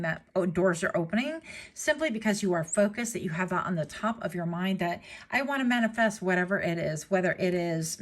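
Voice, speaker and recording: Chatty woman reading tarot cards. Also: fairly low pitch. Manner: chatty, playful asides and self-commentary. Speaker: tarot reader. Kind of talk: casual pick-a-card tarot reading.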